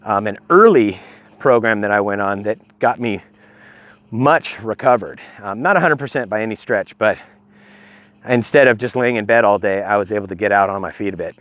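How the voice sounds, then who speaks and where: In a muffled, dry recording, a middle-aged man with a lowish, slightly bright voice talks at normal speed. He's a vlogger giving health advice in a casual filmed talk, rambling with many ums and short of breath as he holds a phone on a stabilizer.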